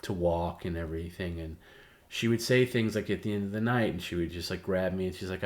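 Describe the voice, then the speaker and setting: A middle-aged man hosting a livestream, telling a personal story in a candid, meandering way that often trails off softly. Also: low voice, fairly quick. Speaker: livestream host. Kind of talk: casual storytelling.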